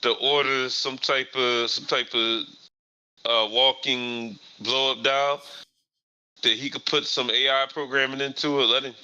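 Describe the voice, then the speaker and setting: A man's voice: medium pitch, level tone, a little slow, sharp tone, clear, resonant tone. A man guesting on a podcast in casual chat over a voice call, talking bluntly and crudely. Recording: muffled lo-fi voice call.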